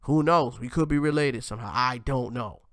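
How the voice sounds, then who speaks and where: A man hosting his own show, talking in a loose, animated monologue that often ends lines with "man" and restarts mid-sentence. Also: medium pitch, brisk, dry recording, studio quality. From United States. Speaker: host. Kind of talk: casual commentary monologue.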